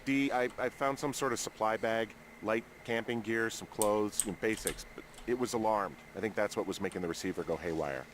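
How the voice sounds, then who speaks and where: A man's voice: fairly low pitch, fairly quick, slight background noise, close to an everyday voice. A man voicing a dry, matter-of-fact male fire lookout in game dialogue. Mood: reporting.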